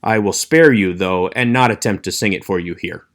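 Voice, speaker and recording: A man teaching an online Hebrew class, explaining letters in a clear, measured way and slowing down to demonstrate sounds. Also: deep voice. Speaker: Hebrew instructor. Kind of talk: recorded online lecture.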